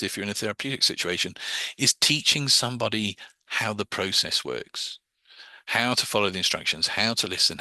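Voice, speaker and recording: Guy teaching hypnosis, lowish voice but really sharp and bright, picks apart his own phrasing. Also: dry recording. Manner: analytical, breaks down his own wording step by step. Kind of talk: explaining and demonstrating techniques to a class.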